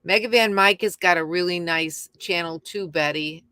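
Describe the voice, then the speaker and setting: A middle-aged woman hosts a casual YouTube livestream from home, rambling and chatting with viewers by name. Her lowish voice is pushed, bright and smooth at a moderate pace. The recording is dry, with clean studio sound.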